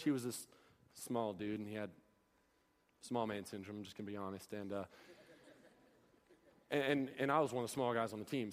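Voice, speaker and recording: A young man preaching a sermon in a church, earnest and pressing his listeners with rhetorical questions. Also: mid-range voice. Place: church hall. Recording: long hall reverb.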